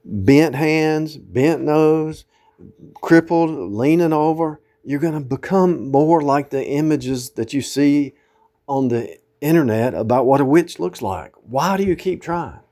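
A man's voice: fairly high pitch, expressive, slow, mellow. A man giving an informal sermon, quoting scripture in old-fashioned wording and scolding his listeners, with emphatic outbursts. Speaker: preacher.

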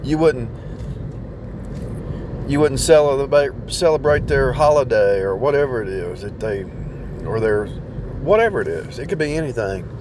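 A man's voice: mid-range voice, lively intonation, normal speed, long pauses, background noise. A man talking in a rambling casual monologue about faith, with many restarts and repeated phrases. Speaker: speaker sharing religious reflections.

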